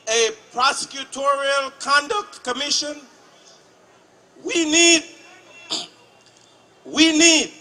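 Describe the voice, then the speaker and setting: Slow, deliberate man at a protest rally. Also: extremely high pitch, sharp tone. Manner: slow, deliberate, chant-like repetition. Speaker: state legislator.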